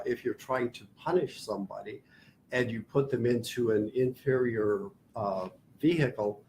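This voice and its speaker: A man joins in a class discussion to add his own explanation, at a middle pitch. He pauses often with "uh" and "um" as he works out his point. A faint hiss runs underneath. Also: darkish tone, rough recording. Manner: explains with hesitant fillers.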